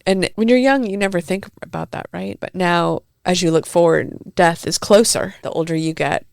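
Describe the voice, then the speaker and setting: A woman's voice: fairly low pitch, normal speed, gravelly, dry recording, studio quality. A middle-aged woman hosting a podcast, teary and heartfelt as she reflects on a recorded conversation. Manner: emotional, heartfelt, soft-spoken. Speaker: podcast host.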